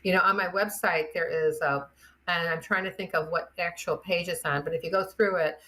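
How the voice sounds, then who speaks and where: An older woman, a chiropractor guest on a podcast, telling animated anecdotes and acting out the voices of the people in them. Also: lowish voice, brisk. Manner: animated, acts out the voices in her stories, laughs often. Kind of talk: anecdotal storytelling.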